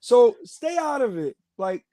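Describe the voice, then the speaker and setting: A man's voice: very high voice, sing-song, measured pace, mellow, dry recording. A man talking casually as a podcast guest, emphatic and repeating his points. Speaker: podcast guest, party promoter. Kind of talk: casual interview chat.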